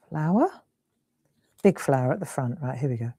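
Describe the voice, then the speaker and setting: A woman's voice: a bass voice, expressive, normal speed, mellow, slightly rough, dry recording, clean studio sound. A middle-aged woman hosting a live crafting stream, chatting and giggling as she works. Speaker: crafting host.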